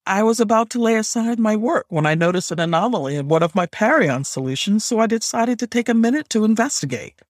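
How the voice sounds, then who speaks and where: A man voicing a frightened young woman acolyte who answers respectfully while trying to keep her voice steady. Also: sits high, quick pace, no room sound, clean studio sound, voice pushed up. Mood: submissive.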